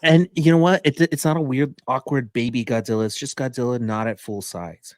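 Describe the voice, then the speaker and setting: Man, podcast co-host, excited rambling movie review, middle pitch, dry close sound. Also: fairly quick, no echo. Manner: rambling, enthusiastic, many fillers. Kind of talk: casual movie review chat.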